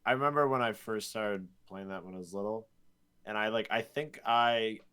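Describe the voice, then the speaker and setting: A young man with a fairly low voice co-hosting a casual gaming chat. He tells animated stories and often restarts his sentences, trailing off into quieter asides. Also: normal speed, clean tone. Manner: animated storyteller, frequent restarts. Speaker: podcast co-host.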